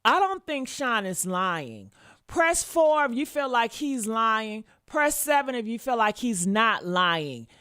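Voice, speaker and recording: A woman's voice: on the high side, very animated, slow, pushed and bright, clear, resonant tone. A woman hosting a celebrity gossip channel, talking in a sassy, blunt, scolding way.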